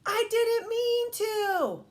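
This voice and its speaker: A woman voicing a mischievous little boy from a storybook who makes loud, drawn-out excuses. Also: very high voice, voice pushed up, exaggerated voice. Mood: whiny excuse. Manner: loud, drawn-out, whiny protest.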